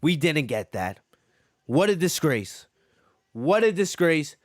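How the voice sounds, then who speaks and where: High-voiced man ranting on a podcast. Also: very animated, takes it slowly, no echo, clean studio sound. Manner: ranting, repeats himself, profane. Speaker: podcast host. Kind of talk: heated wrestling show review.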